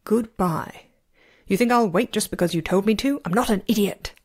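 A woman doing a sharp-tongued, indignant male master. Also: medium pitch, lively intonation, moderate pace, lightly acted. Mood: cold. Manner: indignant, sarcastic.

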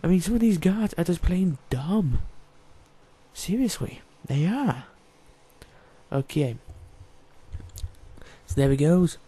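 A man with a fairly high but very dark, mellow voice talks through a stealth game in casual let's-play commentary. He jokes and chats with the characters on screen as he plays. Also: expressive, takes it slowly, long pauses, breathy edge. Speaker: gaming YouTuber.

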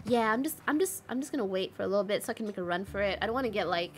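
A woman's voice: mid-range voice, animated, very fast. A young woman from Malaysia chatting casually while streaming a game, reading chat aloud and swearing now and then. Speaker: VTuber streamer. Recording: faint game music behind.

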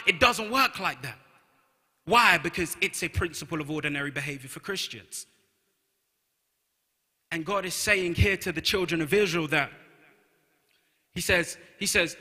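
A man's voice: high voice, moderate pace, bright, forceful tone. A man with a London accent preaching a sermon, emphatic, repeating key phrases and reading scripture aloud. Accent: London English. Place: large church hall. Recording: long hall reverb.

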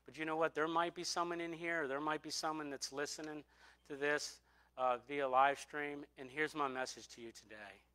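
A man's voice: a little high, bright, forceful tone, no room sound. A middle-aged man preaching a sermon, telling a personal testimony earnestly and repeating phrases for emphasis.

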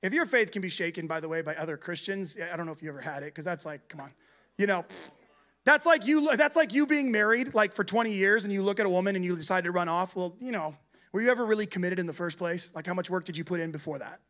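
A man preaching at a church gathering in a lively, conversational way, acting out other people's voices. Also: sits high, quick pace. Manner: animated, conversational, acts out voices. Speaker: guest preacher. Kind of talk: sermon.

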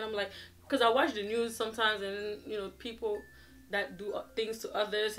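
A young woman in her twenties, talking straight to her viewers in a lively, chatty storytime. Her voice sits at an ordinary middle pitch. Faint music plays softly behind her. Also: brisk. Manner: animated, chatty, acts out quoted dialogue. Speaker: vlogger. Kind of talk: casual storytime chat to camera.

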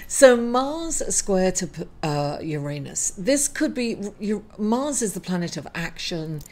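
Halting, apologetic woman reading horoscopes. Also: medium pitch, lively intonation, darkish tone. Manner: emotional, apologetic, halting with many fillers. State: grieving, tearful at times. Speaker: astrology reader. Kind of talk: casual weekly horoscope talk.

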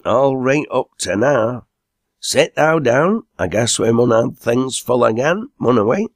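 A man's voice: animated, measured pace, dry recording, studio quality. A man doing Enoch, a boisterous old drinker. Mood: rowdy. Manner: boisterous, raises his pitch and voice. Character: excitable loud old Lancashire drinking man.

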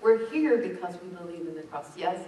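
Reading scripture aloud and hammering home her points with rising emphasis, a woman pastor preaches in a lowish, warm, expressive voice at a brisk pace. The sermon was recorded from a distance in an echoey church sanctuary.

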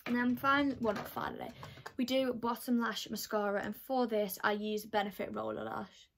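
A woman's voice: a little high, vocal fry, a bit bright, slight background noise. Chatty teen girl. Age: teens. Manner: chatty, lots of "like" fillers. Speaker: beauty vlogger. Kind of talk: get-ready-with-me makeup chat.

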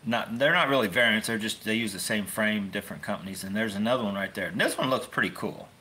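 A man's voice: lowish voice, fast talker, pushed and bright. A man hosting a fishing channel, chatting casually into his phone in a rambling, folksy way with wry asides. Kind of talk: casual rambling livestream chat.

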